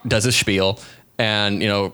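A man's voice: on the low side, fairly even intonation, unhurried, sharp tone, clear, resonant tone. A man casually retelling a Bible story on a podcast, rambling and acting out the quotes in goofy voices. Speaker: podcast co-host.

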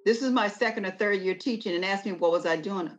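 A woman's voice: medium pitch, quick pace, dull audio. A woman guest talking emphatically in a casual conversation, shifting into a preacher-like delivery and telling stories with energy. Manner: lively, animated storytelling.

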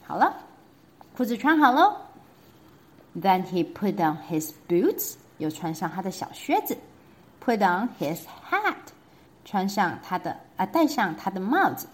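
A woman storyteller reading a children's picture book aloud in two languages, with a sing-song, animated delivery and asides to the kids. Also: mid-range voice.

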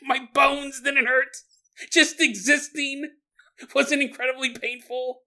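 A man's voice: extremely high pitch, little pitch movement, slow pace, pushed and bright, voice pushed up, exaggerated voice. A man putting on the voice of a frail, weary old grandmother, laughing as he speaks. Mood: wry.

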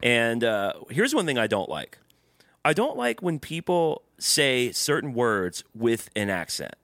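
A man's voice: mid-range voice, sing-song, measured pace, fairly bright tone, no room sound, studio quality. A man co-hosting a casual comedy podcast, ranting and joking with a mocking edge, laughing often and swearing freely. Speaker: podcast co-host.

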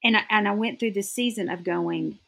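A woman's voice: medium pitch, brisk, gravelly, sharp tone. A middle-aged woman, a guest in a faith-based interview, speaking earnestly and from the heart.

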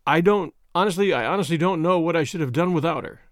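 A man's voice: on the high side, fast talker, no room sound, natural voice. Man reading storybook country doctor, injured, proud, feeble, groaning, dry close sound.

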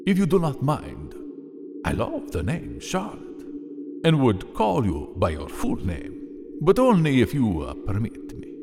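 A friendly, enthusiastic male fruit bat in an audiobook, voiced by a man. He speaks slowly with wide, swinging pitch and a formal, old-fashioned politeness, gently curious. Long reverb and music sit under the voice. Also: wildly swooping pitch, noisy background. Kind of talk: audiobook character voice.

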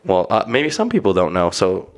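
A young man co-hosting a podcast, talking in a laid-back, casual way with easy swearing and drawn-out fillers. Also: low voice, wildly swooping pitch. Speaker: podcast co-host. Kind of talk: casual chat.

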